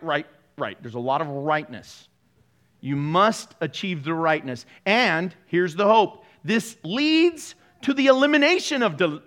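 A man's voice: high voice, a bit bright. A man preaching a sermon as pastor at a church service, joking through it with sarcastic, playful asides.

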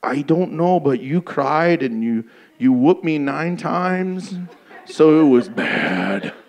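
A man voicing a clueless child who apologizes sheepishly and slowly, in a high voice. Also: lively intonation, darkish tone.

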